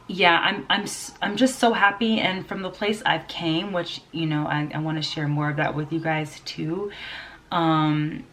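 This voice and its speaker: Woman vlogger, lower voice, congested, rambling and chatty, laughs a lot, unedited talk. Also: a bit bright, slight background noise. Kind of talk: casual unedited vlog chat.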